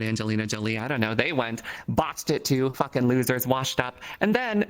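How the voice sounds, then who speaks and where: A man as an interview guest in a casual chat, joking crudely in a deadpan way. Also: fairly high pitch.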